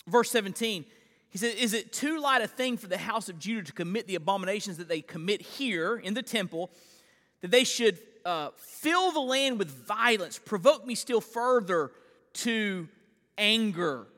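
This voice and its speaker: Bright high-voiced man preaching. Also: in a large hall. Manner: earnest preaching with repeated restarts, reading scripture aloud. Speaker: pastor. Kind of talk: expository sermon.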